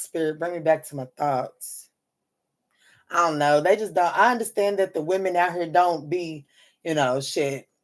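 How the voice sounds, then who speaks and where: A woman, a mother, hosts a casual tarot livestream and talks straight to her viewers. She speaks bluntly and swears freely, calling her listeners "honey" and "baby". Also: low voice. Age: adult mother. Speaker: tarot reader.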